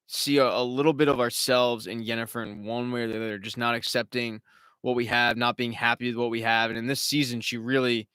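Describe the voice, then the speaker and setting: A man's voice: mid-range voice, flat delivery, brisk, a bit bright, clear, resonant tone, no echo, clean studio sound. A man hosting a live recap stream, talking casually at home, rambling, swearing and slipping into mocking impressions. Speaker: show host.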